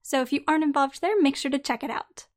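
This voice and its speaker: A woman hosting a podcast who talks straight to her listeners in a friendly way and then reads out her own article, her voice slightly croaky today. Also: high-pitched, fast. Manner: friendly, direct address to listeners. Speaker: podcast host. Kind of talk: podcast monologue and article reading.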